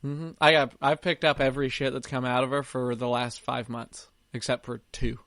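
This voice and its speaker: Young male co-host, rambly storyteller, dry close sound, mid pitch. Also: flat delivery, moderate pace, a bit bright, dry recording. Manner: rambling, laughs at own stories. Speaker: podcast co-host. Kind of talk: casual chat. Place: camper.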